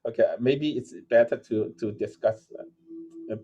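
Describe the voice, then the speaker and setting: A man's voice: medium pitch, measured pace, mellow. A male university lecturer working through a problem aloud, with many fillers and restarts. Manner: thinking aloud with frequent "uh" and self-corrections. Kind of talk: recorded lecture.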